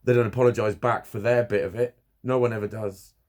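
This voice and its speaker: A man's voice: on the low side, steady tone, brisk, a little mellow. A man talking candidly to camera about his therapy, blunt and swearing constantly, laughing at himself now and then. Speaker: vlogger. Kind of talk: candid personal talk to camera.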